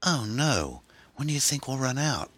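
A man reading aloud and voicing an excitable, frightened young girl with shrill, breathless exclamations. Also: moderate pace, breathy edge, no echo, heavily acted.

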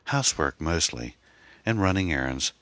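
A man's voice: a bass voice, very animated, normal speed, bright, forceful tone, no room sound, exaggerated voice. A man voicing a frightened, anxious middle-aged divorced mother in an audiobook, with a pleading manner. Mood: weary. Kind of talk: audiobook character voice.

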